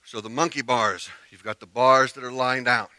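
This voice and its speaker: A man preaching a sermon as pastor, telling a story with animated emphasis that drops to quiet earnestness. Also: medium pitch, normal speed, no echo.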